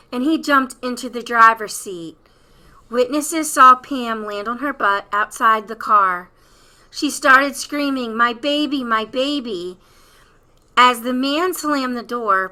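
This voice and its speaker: Woman, true-crime host, scripted narration, steady read-aloud delivery, very bright tense tone. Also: a little high, low-quality recording.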